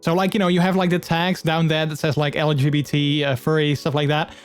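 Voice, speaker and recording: Chatty streamer man, fairly high voice. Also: flat delivery, fairly quick, clean tone, soft background music. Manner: chatty, rambling with many fillers; open and earnest. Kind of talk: casual live-stream chat.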